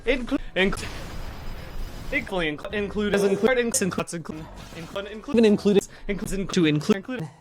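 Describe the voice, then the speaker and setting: A man heard in a rapid supercut of clipped single words, with a jumpy, animated delivery that swings between loud and soft. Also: sits high, crowd noise. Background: background music.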